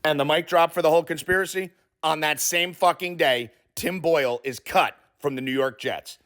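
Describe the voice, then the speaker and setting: A man's voice: on the high side, normal speed. A man hosting a sports betting show, telling a comic conspiracy story with heavy swearing and acted-out quotes. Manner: profane, animated storyteller acting out quotes.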